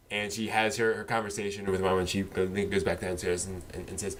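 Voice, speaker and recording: A man's voice: low-pitched, level tone, fairly quick, few pauses, a little hiss or hum. A man co-hosting a casual anime discussion, rambling with many fillers and restarts. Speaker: podcast co-host.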